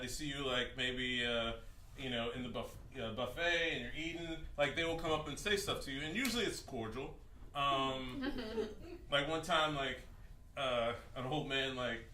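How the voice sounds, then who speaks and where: A man's voice: medium pitch, pushed and bright. Rambling male comedian, echoey club. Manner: rambling, laughs through his story. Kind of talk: storytelling on a comedy stage. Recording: echoey club from far off, noisy.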